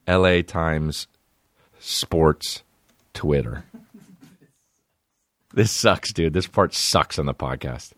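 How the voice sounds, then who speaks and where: In a studio-quality recording without room sound, a low-pitched man with lively intonation and a slightly bright tone talks slowly, leaving long pauses. He hosts a comedy podcast, rambling crudely, mocking and swearing, and alternating between mumbling and bursting out.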